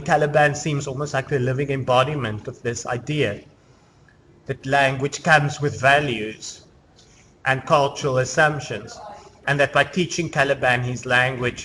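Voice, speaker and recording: A man's voice: mid-range voice, pushed and bright, slight background noise. A man giving a university literature lecture in a loose, conversational way, full of fillers and restarts. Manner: conversational, explaining with many fillers. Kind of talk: classroom lecture. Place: lecture room.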